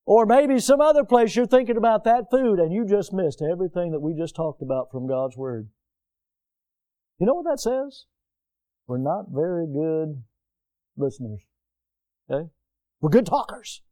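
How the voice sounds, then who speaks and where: A man preaching a sermon from the pulpit in a lively, conversational way, full of repetition and everyday asides. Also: sits high, moderate pace, long pauses. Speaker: pastor. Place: church.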